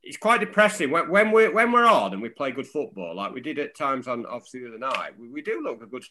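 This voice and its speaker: Man, podcast co-host, bright tone, rambling analysis. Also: medium pitch, fast, slight background noise. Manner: rambling, lively match analysis. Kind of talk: casual chat.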